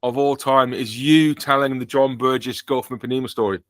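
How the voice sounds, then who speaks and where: A man's voice: medium pitch, steady tone, brisk, fairly bright tone, no room sound. A British man hosting a podcast in casual chat, joking and rambling with frequent self-corrections. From Britain. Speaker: podcast host.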